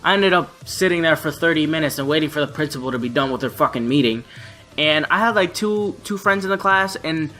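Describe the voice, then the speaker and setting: A man's voice: fairly high pitch, expressive, fairly quick, bright, forceful tone, faint music behind. A young man telling a story on his vlog in a brash, profane way. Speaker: vlogger.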